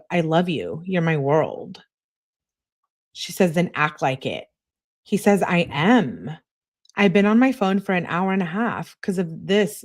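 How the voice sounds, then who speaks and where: A woman, a true crime commentator, reading both sides of a text exchange aloud in a flat recounting tone. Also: on the low side.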